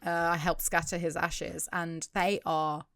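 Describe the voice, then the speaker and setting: A woman's voice: on the low side, little pitch movement, measured pace, creaky, fairly bright tone, no room sound, clean studio sound. A British woman co-hosting a podcast, picking apart the details of a scene in casual chat. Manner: careful, nitpicking detail. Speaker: podcast co-host.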